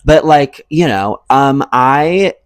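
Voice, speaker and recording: A man's voice: medium pitch, expressive, takes it slowly, clear, resonant tone, no room sound. A young adult man vlogging a casual storytime, rambling and profane, full of "like" and "um".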